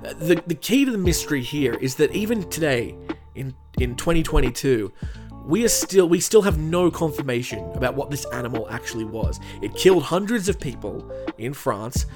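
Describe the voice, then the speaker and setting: A young man hosting a comedic true crime podcast, talking in a joking, self-deprecating way with animated asides. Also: on the high side, normal speed, over music. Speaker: podcast host.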